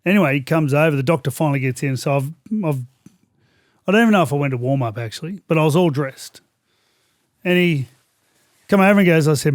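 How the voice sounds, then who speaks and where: A middle-aged man with an Australian accent, talking footy in a relaxed, chatty way with a slightly higher voice. He tells stories with animation, and the sound is close and dry. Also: brisk, long pauses, no room sound. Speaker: former rugby league player, guest co-host. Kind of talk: casual chat.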